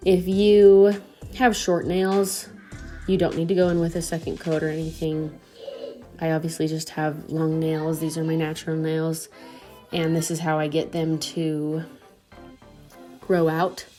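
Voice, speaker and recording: A woman with a lowish voice walks through a home tutorial at an unhurried, easy pace. She is chatty and friendly and a little breathless, and faint music plays behind her. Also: flat delivery, warm tone. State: slightly out of breath. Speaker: home nail tutorial host. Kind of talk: casual how-to narration.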